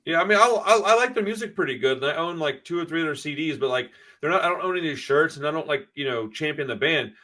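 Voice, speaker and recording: A man's voice: on the high side, animated, fast talker, hardly any pauses, bright, forceful tone. A man in casual podcast chat, rambling and swearing freely as he tells stories. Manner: profane, rambling storyteller.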